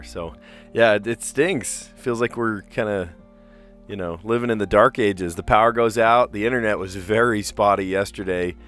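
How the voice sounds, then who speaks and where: A man's voice: on the low side, a bit bright. A man chatting casually on a live stream while he plays word puzzles, rambling and laughing often. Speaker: teacher.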